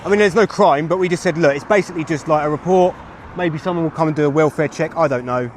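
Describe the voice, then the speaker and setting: A man's voice: a little high, fast talker. Rambling man livestreaming on the street. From England. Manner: rambling, chatty, talks to his chat. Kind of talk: live street streaming to chat. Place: outdoors on a street with traffic. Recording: street traffic noise behind.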